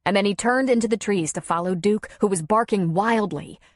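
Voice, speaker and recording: A woman narrating a romance audiobook in a steady, expressive reading. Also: mid-range voice, fairly quick, dry recording. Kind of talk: scripted narration. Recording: dry close studio sound.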